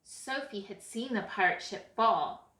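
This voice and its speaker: Woman storyteller, picture-book read-aloud, slow and animated, echoey room. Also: mid-range voice.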